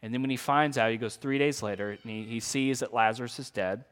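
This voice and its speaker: A man preaching a sermon, reading scripture aloud and explaining it in an earnest, lively way with casual asides. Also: medium pitch, a little fast, clean tone. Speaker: pastor. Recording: long hall reverb.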